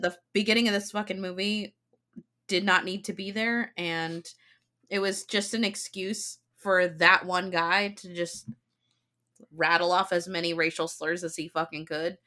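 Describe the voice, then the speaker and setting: A woman's voice: on the low side, pushed and bright. A woman in casual podcast chat, blunt and indignant, swearing freely. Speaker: podcast co-host.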